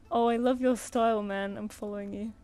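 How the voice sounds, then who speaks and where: A woman's voice: mid-range voice, steady tone, normal speed, warm tone, faint music behind. A woman artist chatting casually on a live stream while she draws, muttering and counting under her breath.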